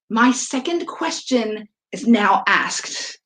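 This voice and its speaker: A woman performing a first-person story on stage, moving from quick, nervous rambling to halting stammers and hushed, heartfelt reflection. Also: a little high. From from outside the country of the event. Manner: nervous, halting stammers when reliving the moment.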